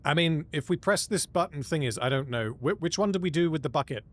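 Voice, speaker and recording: A man's voice: on the high side, animated, quick pace. A man streaming a video game, joking and thinking aloud as he plays. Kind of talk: casual live commentary.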